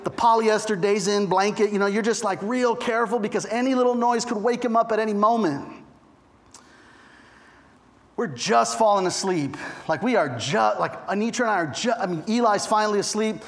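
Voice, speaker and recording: A middle-aged male pastor telling a personal story in a sermon, chatty and animated, with frequent asides to the listeners. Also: sits high, normal speed.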